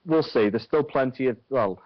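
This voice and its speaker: A man's voice: mid-range voice, moderate pace, dry recording. Blunt man on a dull line. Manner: blunt and opinionated. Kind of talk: casual wrestling chat. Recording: dull dry sound.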